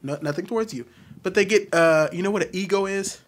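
A man's voice: high-pitched, brisk. An American man hosting a casual video chat, teasing and provoking with jokes. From United States.

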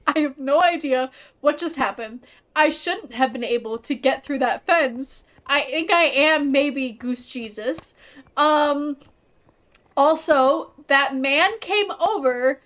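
This woman is a gaming streamer giving let's play commentary, her high-pitched, fairly bright voice moving slowly. She banters with viewers in a bubbly, casual manner and swears occasionally.

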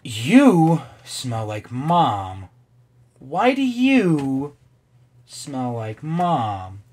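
A man reading a timid young girl's game dialogue aloud in a slow, plaintive way. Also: mid-range voice, very animated, slightly rough, full character voice. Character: timid young girl, gentle and anxious.

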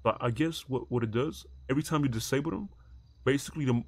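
A young man streaming a heist roleplay, rambling and swearing as he thinks the plan out loud. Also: medium pitch, quick pace, dry recording. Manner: rambling, profane, thinks aloud while planning. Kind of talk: casual gaming chat.

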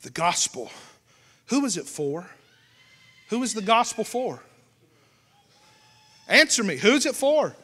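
A young man with a Southern American accent preaching a sermon with passion, going from shouts down to a hushed near-whisper. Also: high voice, big pitch swings, takes it slowly, pauses often, slightly rough. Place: church. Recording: long church hall reverb.

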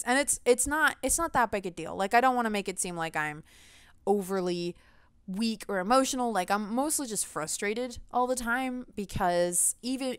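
Young woman, casual vlog rant, animated and laughing, mid-pitched, dry close sound. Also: smooth, no echo. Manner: animated venting, frequent laughter. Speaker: gaming vlogger.

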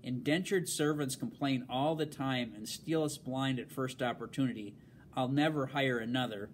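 A man's voice: mid-range voice, normal speed, slight background noise, close to an everyday voice. A man reading aloud and voicing a stern, haughty colonial mistress who gives clipped, cold orders. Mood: cold, commanding.

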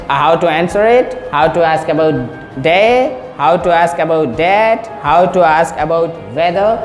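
A woman's voice: fairly low pitch, reverberant, long reverb tail. A woman teaching a beginner English lesson who says words twice for drill and checks in often. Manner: slow, repeats words for drilling pronunciation.

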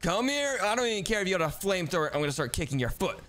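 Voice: mid-range voice, big pitch swings, fairly bright tone. A performer voicing a whiny little boy who complains that nobody listens to him, while playing a video game. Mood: angry. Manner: whiny, complaining, fast reactions. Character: grumpy little boy, feels ignored. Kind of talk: let's-play role-play.

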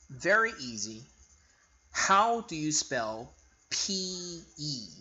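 A male phonics teacher with a bright, fairly high voice that rises and falls a lot. He talks slowly and clearly, spelling out letters one by one. He repeats each word for learners to follow. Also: rough recording. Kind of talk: slow spelling lesson.

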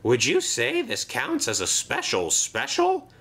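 A man voicing eager, silly twin engines in a very high, childish, squeaky voice. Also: wildly swooping pitch, unhurried, fairly bright tone, slightly rough, full character voice.

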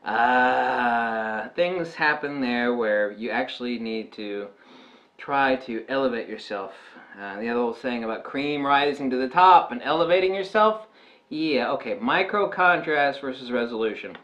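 A man's voice: mid-range voice, measured pace, fairly bright tone, lo-fi sound. A man talking casually to camera as a photography vlogger, rambling with many "uh" and "um" fillers and jokey asides.

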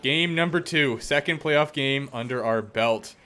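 Male let's-play commentator, bright and sharp tone, jokey play-by-play with sudden outbursts. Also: medium pitch, unhurried. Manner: talks to himself and the game, teasing opponents. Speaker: gaming YouTuber.

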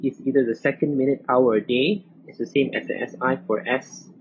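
A man's voice: mid-range voice, steady tone, fairly quick. A man giving a recorded lecture over slides, methodical, stopping to spell out unit symbols letter by letter. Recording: muffled old recording with faint hiss.

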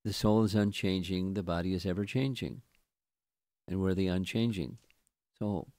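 A man giving a scripture lecture as a spiritual teacher, speaking in a halting way with frequent restarts and repeated words. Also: deep voice, warm tone, no echo, studio quality.

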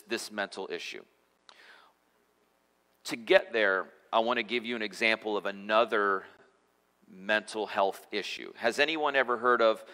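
A man's voice: medium pitch, pushed and bright. A man giving a sermon as pastor, in a conversational preaching style with frequent restarts and repeated words. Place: church sanctuary. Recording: church hall reverb.

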